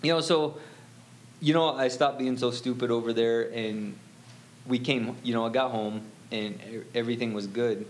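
Middle-aged guy rambling through a story, lots of "you know", mid-pitched voice, a little hiss behind. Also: steady tone, moderate pace. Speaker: interview guest. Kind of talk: personal storytelling.

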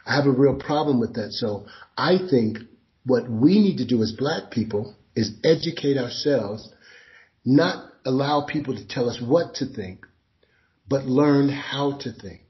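A man's voice: mid-range voice, lively intonation, measured pace, highs cut off. A man speaking as an interview guest, telling stories emphatically and acting out scenes. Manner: emphatic storyteller, acts out scenes. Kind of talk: conversational interview.

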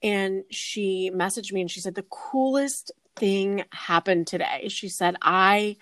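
Chatty, animated woman. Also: mid-range voice, slow, dry recording. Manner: animated, laughs easily, storytelling. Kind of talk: casual conversation.

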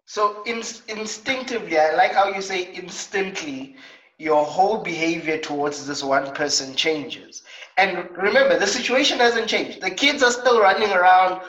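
A South African man hosting a coaching talk show, telling stories in a lively way with acted asides. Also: sits high, normal speed, reverberant, far from the mic, low-quality recording. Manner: animated storytelling with acted asides.

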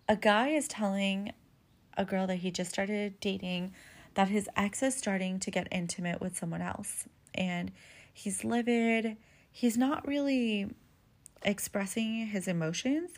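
A woman hosting a podcast, giving relationship advice in a candid, casual monologue that is full of swearing and "like" fillers. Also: medium pitch. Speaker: podcast host.

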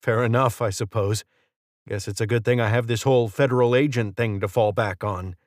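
A man's voice: mid-range voice, fairly even intonation, brisk, no room sound, studio quality, natural voice. A man reading the lines of a cocky male federal agent in an audiobook, mocking and chatty. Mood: smug.

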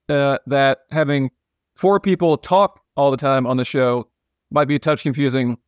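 A man's voice: fairly high pitch, no echo. A man hosting a podcast, joking and rambling with frequent restarts in casual chat. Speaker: podcast host.

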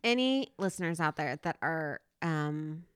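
A woman in her thirties co-hosting a podcast, chatting casually in a rambling, animated way, often laughing. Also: sits low, unhurried, clean tone, no room sound, studio quality. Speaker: podcast co-host. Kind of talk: casual chat.

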